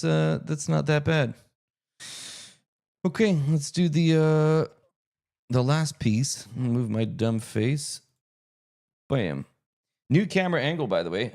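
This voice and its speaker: Chatty male streamer with lively intonation. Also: medium pitch, vocal fry. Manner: chatty, thinks aloud, answers viewer chat. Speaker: streamer and game master. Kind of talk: casual live-stream chat.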